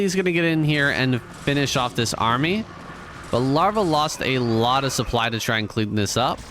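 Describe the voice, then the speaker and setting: A man's voice: mid-range voice, a little hiss or hum. Laid-back man casting a strategy game. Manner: relaxed, conversational play-by-play with casual asides. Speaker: esports caster. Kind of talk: solo game commentary.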